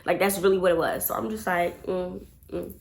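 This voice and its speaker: A young woman vlogger telling a dating story in casual chat, animated and profane, talking to her viewers as y'all. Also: fairly low pitch, a little fast, gravelly.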